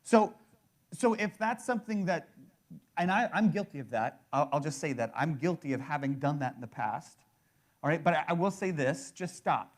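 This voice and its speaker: Male pastor, 30s, slightly high pitch, casual conversational sermon delivery. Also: expressive, normal speed. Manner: conversational, repeats words and restarts, fills with "right?".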